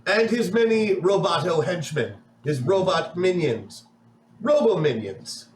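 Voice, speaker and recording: A man's voice: sits high, sing-song, a little slow, roomy sound, slight background noise, rough recording. A man narrating a tabletop game as game master in a playful, rambling way.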